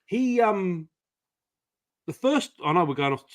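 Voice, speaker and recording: A man's voice: high voice, big pitch swings, measured pace, no echo. A man chatting casually as co-host of a live stream, jokey and rambling with many restarts.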